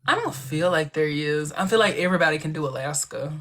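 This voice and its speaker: A man hosting a casual livestream chat, talking in a chatty, expressive way with playful asides. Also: on the high side, fast, slight background noise. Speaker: livestream host.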